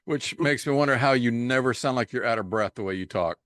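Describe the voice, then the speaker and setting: A man's voice: mid-range voice, fairly quick, a bit bright, dry recording, studio quality. A man hosting a podcast in casual conversation, teasing his guest with friendly, profane banter. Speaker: podcast host.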